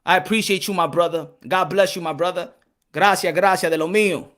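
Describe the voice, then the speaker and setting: A man hosting a boxing channel, delivering impassioned, preachy commentary and switching between English and Spanish, rising to shouts when worked up. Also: sits high, fairly even intonation, brisk.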